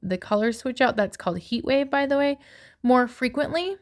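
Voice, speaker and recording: A woman's voice: high voice, lively intonation, moderate pace. A middle-aged woman narrating her own shopping video in a casual voice-over, gushing and admiring. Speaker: yarn shopping vlogger.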